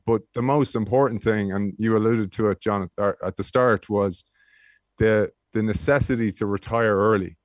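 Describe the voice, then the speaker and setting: A man, a guest telling lively anecdotes in an interview, often restarting his sentences. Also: fairly low pitch, no room sound. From Ireland. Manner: animated storyteller with frequent restarts. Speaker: guest, former rugby player.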